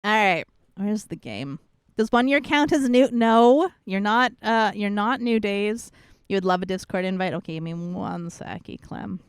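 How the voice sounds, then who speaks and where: A woman's voice: medium pitch, lively intonation, normal speed, clean tone, no room sound, clean studio sound. A woman streamer in casual chat, greeting viewers one by one in a bubbly, playful way.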